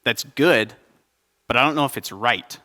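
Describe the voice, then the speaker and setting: Young guy pastor preaching, bright clear voice, chatty and jokey, keeps asking the crowd stuff. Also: medium pitch, a little slow, in a large hall. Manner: conversational and joking, asks the audience questions. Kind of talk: sermon. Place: church service before a congregation.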